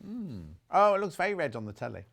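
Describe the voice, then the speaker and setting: Fast, gravelly, and fairly bright, his high-sitting voice is very animated as he sells fabrics live on a shopping channel. The man, from the United Kingdom, keeps the chat casual, cracking jokes and reading out what viewers send in.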